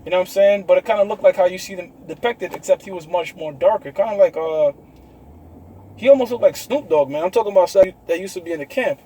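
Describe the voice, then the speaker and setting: A mellow, high-voiced man talks fast as he rambles through his religious dreams and visions for a live audience in a city street, addressing them as brothers. The audio is poor, with slight background noise.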